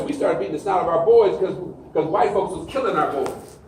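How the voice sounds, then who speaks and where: Brief: man in his 60s, counselor lecturing, high-pitched folksy storytelling, roomy far-off sound with light noise. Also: expressive, a little fast, darkish tone. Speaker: group counselor. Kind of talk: talk to an audience. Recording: echoey hall, voice heard from afar.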